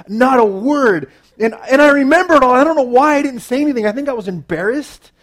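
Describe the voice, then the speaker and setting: A man giving a youth sermon, telling a personal story in an animated way with frequent "right?" asides to the audience. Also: extremely high pitch, a little fast. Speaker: youth pastor.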